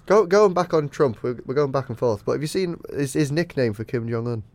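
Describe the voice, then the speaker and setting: A man's voice: mid-range voice, expressive, fairly quick, a little mellow. Male podcast co-host, chatty and teasing, mid-range voice. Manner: teasing, chatty, laughs often. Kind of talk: casual chat.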